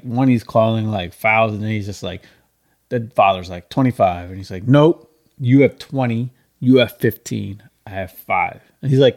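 A man co-hosting a beer podcast, telling a story in casual chat and mimicking the people in it. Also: on the low side. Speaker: podcast co-host.

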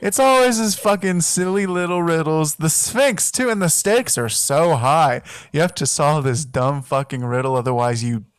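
A man's voice: fairly high pitch, moderate pace, hardly any pauses, clean tone, no room sound. Dry-sounding man riffing on a podcast. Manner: jokey riffing, deadpan asides. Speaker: podcast guest, comedy writer. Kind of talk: casual comedic chat.

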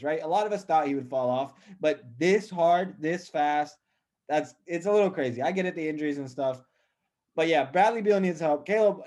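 A young man hosting a casual sports talk show, chatty and quick to laugh, steering the talk with questions. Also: on the high side, a little mellow. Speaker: podcast host.

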